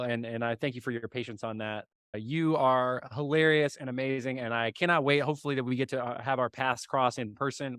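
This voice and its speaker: A man's voice: mid-range voice, fairly bright tone, clean tone, no room sound, studio quality. A man from Dallas hosting a podcast, interviewing a guest in a friendly, enthusiastic way over a call. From Dallas, Texas. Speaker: podcast host. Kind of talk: casual interview. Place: remote call.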